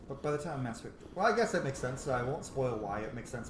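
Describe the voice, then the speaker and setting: A man's voice: mid-range voice, fast, echoey room, noisy background. Goofy guy commenting on a game. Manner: goofy, excitable, joking asides. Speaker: game streamer. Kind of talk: casual commentary over gameplay.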